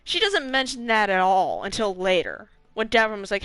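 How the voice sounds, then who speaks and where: A young woman streamer recapping a game story in casual, animated talk, swearing freely and laughing between lines. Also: medium pitch, fairly quick, clean tone, dry recording. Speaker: gaming streamer.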